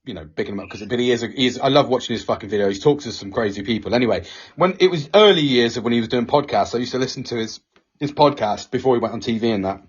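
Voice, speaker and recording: A man's voice: medium pitch, very fast, husky, dull audio. A man with a British accent, co-hosting a casual podcast, sweary and laughing often as he tells stories. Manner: sweary, laughs a lot, storytelling. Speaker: podcast co-host. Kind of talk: casual banter.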